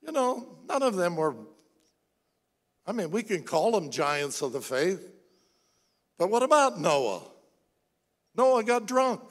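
Man, pastor, sermon, high voice, animated storytelling, long hall echo. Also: takes it slowly, long pauses. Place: church sanctuary.

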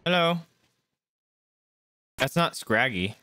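A man's voice: medium pitch, lively intonation, slow pace, sharp tone. A man streaming a video game, chatting casually and reacting aloud to what happens. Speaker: gaming streamer. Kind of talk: casual let's-play commentary. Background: faint game music.

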